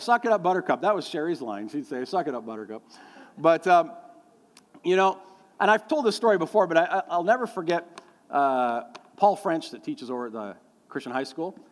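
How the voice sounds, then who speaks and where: A middle-aged male pastor with a high voice delivers a folksy, rambling sermon full of fillers. He acts out the voices of the people in his stories. The sound has a long hall reverb. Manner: folksy storytelling with many fillers, acting out quoted voices.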